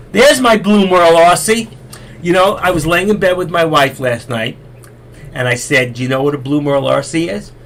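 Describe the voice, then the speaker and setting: Chatty gravelly man, voice worn. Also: medium pitch, fairly bright tone, slight background noise. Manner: chatty, folksy, repeats himself. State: losing his voice. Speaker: live stream host. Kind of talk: rambling casual storytelling.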